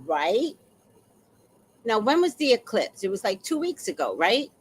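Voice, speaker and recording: Animated woman telling a story. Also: mid-range voice, a little slow, breathy edge, rough recording. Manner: animated, acts out quoted exchanges. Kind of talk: casual storytelling monologue.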